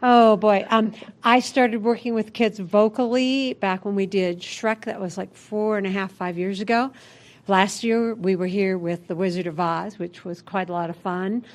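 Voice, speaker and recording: A woman's voice: medium pitch, steady tone, normal speed. A woman, a school drama club director, chatting cheerfully in a local TV morning interview and laughing often. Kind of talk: casual TV interview.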